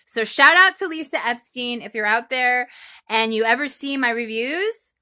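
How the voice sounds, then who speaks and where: This is a woman reviewing a podcast by herself, talking in a loose, rambling way full of ums. Her voice sits a little high and sounds very bright and forward. She is animated and expressive. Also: normal speed, slight background noise. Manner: chatty, rambling with many ums. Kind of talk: solo recap vlog.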